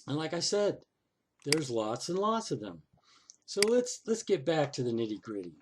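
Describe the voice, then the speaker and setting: A man narrates a screen-recorded walkthrough in a fairly high, sing-song voice at a moderate pace, with background noise behind him. Thinking aloud with frequent "oh" and "okay," he sounds sarcastic and exasperated as he complains to the city council.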